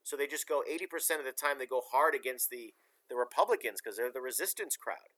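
A man's voice: mid-range voice, expressive, fast, bright, forceful tone. A man hosting a casual talk show, giving emphatic, rambling opinions.

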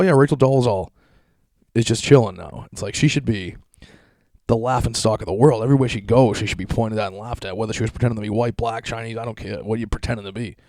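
A man's voice: mid-range voice, dark tone, dry recording, studio quality. A young man from Massachusetts, ranting on a podcast in a crude, sarcastic, swear-heavy monologue.

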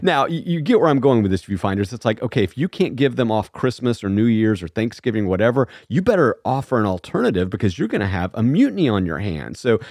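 A man's voice: medium pitch, quick pace, hardly any pauses, dry recording, studio quality. A man co-hosting a podcast in casual chat, telling stories and acting out quotes with animation. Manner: animated, storytelling with acted-out quotes. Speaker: podcast co-host.

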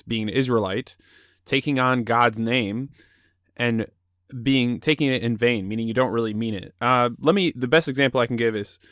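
A man's voice: medium pitch, a bit bright, no room sound. Young man, podcast host, joking, upbeat, dry close sound. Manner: upbeat, joking, laughs often. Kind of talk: casual Christian podcast chat.

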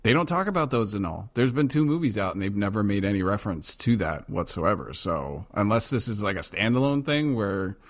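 Low-voiced man in casual chat. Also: animated, a little fast, hardly any pauses. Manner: enthusiastic, rambling fan talk.

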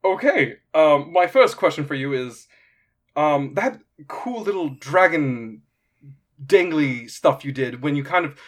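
Excitable fantasy arena announcer, male, gushing fan energy, pitched up high, played by a man. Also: unhurried. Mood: eager. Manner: gushing, breathless fan, rambling.

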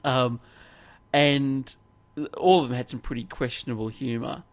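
A man's voice: medium pitch, unhurried. Rambling, chatty man with frequent restarts. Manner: rambling, self-interrupting, laughs often. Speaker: podcast co-host. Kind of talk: casual chat.

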